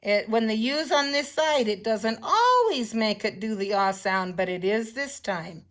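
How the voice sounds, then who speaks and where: An older woman teaching children phonics, slowly and patiently sounding out words and letters. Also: fairly high pitch, animated, a bit bright.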